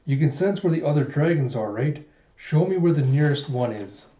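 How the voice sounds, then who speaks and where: A man's voice: on the high side, expressive, moderate pace, mellow, natural voice. A man reading as a bossy, self-assured teen boy. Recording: dull echoey room recording.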